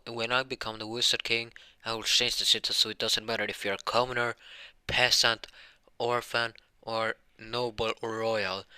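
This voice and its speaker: A brash young hero with a sharp, bright edge and a low-set voice, as a man puts him on. He rambles and restarts often. The sound is dry and close. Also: clear, resonant tone, no room sound. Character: brash young male hero, defiant and loud.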